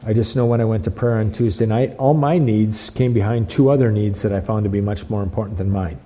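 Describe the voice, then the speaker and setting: A man's voice: fairly low pitch, fairly quick, warm tone, poor audio. A man preaching a sermon as pastor, emphatic, repeating phrases and restarting lines.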